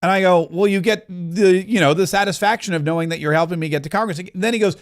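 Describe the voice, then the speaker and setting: A man hosting a political podcast, giving opinionated commentary in a fast, heated rant full of asides and restarts. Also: high voice.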